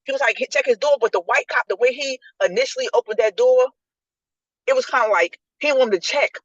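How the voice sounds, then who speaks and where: Woman talking super fast on a podcast, acts out the quotes, muffled dry audio. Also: high voice, no echo. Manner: animated storyteller acting out quotes. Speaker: podcast co-host. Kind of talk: casual group chat, retelling a story. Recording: dull lo-fi dry recording.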